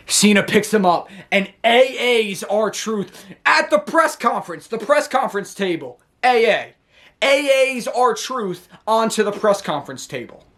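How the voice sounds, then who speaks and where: A man recapping a wrestling show in an excitable, rambling way, with many restarts. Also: sits high, normal speed. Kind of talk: casual recap commentary.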